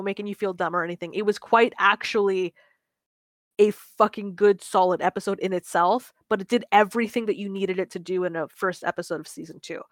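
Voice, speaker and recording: A woman's voice: mid-range voice, no room sound, studio quality. A woman co-hosting a podcast in casual chat, gushing and swearing, rambling with fillers. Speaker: podcast co-host.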